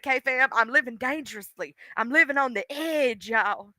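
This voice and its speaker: Bright, animated woman rambling on stream. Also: high-pitched, moderate pace, dry recording. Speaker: livestreamer. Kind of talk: casual livestream chat.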